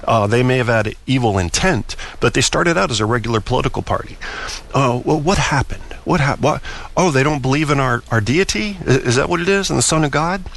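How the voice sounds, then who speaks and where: A man's voice: medium pitch, animated, brisk, creaky, a bit bright. A man hosting a solo talk show, speaking in an opinionated, rambling way with frequent stammered restarts. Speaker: podcast host.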